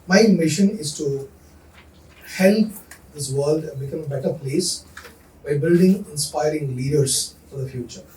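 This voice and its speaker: A man leading a leadership workshop for students, energetic and coaxing, repeating his instructions. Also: a little high, unhurried. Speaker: leadership coach running a workshop. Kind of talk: interactive workshop talk to students. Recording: echoey hall, voice from far off.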